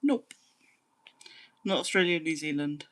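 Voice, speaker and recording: A young British woman hosting a live stream, chatting casually with viewers and humming to fill the pauses. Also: deep voice, expressive. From Britain. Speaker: livestream host.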